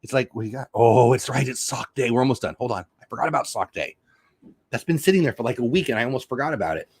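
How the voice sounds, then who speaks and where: A middle-aged man runs a chatty livestream from home, rambling from one joke to the next and reading viewers' comments aloud. His mid-range voice is expressive and fast, with a darkish, breathy edge, its pitch swinging widely, all captured in a dry recording.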